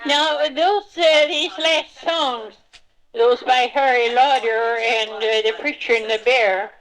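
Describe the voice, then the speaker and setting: An older woman reminiscing in a home recording, unhurried and searching for words with many pauses as she explains old songs with homely humor. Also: high voice, steady tone, a bit bright, low-quality recording.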